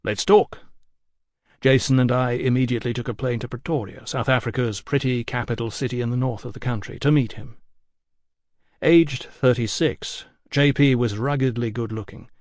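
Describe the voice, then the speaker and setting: A man narrating a memoir audiobook in a measured, deliberate reading. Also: mid-range voice, fairly even intonation, a little mellow, no echo. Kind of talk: scripted narration. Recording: dry close studio sound.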